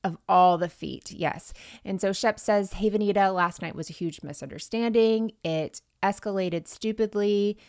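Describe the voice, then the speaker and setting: A woman's voice: medium pitch, normal speed, a little mellow, smooth, dry recording, studio quality. A woman co-hosting a podcast, chatting casually as she recaps from her notes and acts out quotes. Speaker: podcast co-host.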